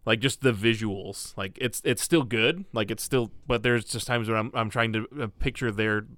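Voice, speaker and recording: A man's voice: fairly low pitch, moderate pace, fairly bright tone, dry recording. A man in casual podcast chat, rambling and chatty with lots of fillers.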